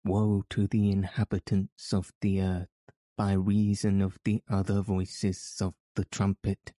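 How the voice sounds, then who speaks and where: A man's voice: sits low, monotone, a little slow, dark tone, dry recording, studio quality. A man voicing a frenzied doom-preaching curate. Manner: ranting, wailing, declamatory.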